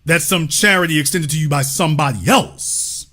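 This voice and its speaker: A man's voice: fairly high pitch, normal speed, pushed and bright. A man from the United States talking passionately to an audience, emphatic and preacher-like, repeating lines for effect and firing off rhetorical questions. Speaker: commentator in a cultural discussion. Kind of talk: impassioned talk to an audience.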